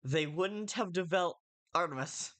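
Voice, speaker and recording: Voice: medium pitch, moderate pace, fairly bright tone. Chatty streamer voicing game characters. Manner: chatty, self-deprecating, rambling with restarts. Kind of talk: casual gameplay commentary, reading game dialogue in voices.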